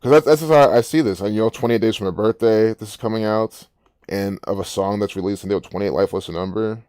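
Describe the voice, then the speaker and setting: A man's voice: on the low side, quick pace, darkish tone, clear, resonant tone, no room sound, studio quality. A man hosting a casual commentary, rambling and musing aloud with frequent restarts. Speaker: gematria channel host.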